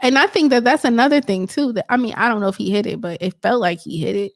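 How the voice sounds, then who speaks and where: High-pitched woman, dry sound, lively casual chat, laughing. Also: fast, creaky, no echo. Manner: animated, laughing, talks over others. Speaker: podcast co-host.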